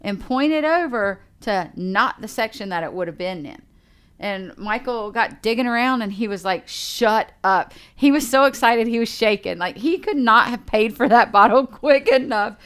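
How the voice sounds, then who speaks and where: Animated woman telling a story. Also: on the high side, normal speed, smooth. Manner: animated storyteller acting out quoted dialogue. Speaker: podcast co-host. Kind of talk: casual chat, storytelling.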